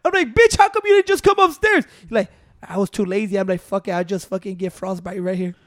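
A man's voice: high voice, animated, fast, a bit bright, no room sound, clean studio sound. Profane, laughing code-switching man. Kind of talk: casual chat.

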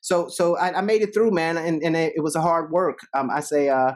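A man in his fifties from Ohio with a Dayton accent, telling stories as an interview guest, animated and acting out quoted voices. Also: fairly high pitch, a little fast. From Ohio, USA. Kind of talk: casual interview storytelling.

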